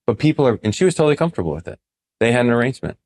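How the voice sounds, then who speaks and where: A man's voice: medium pitch, racing. A man who works as a financial advisor, telling stories on a podcast and acting out what clients said. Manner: animated storyteller, acts out quoted clients. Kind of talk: casual podcast storytelling.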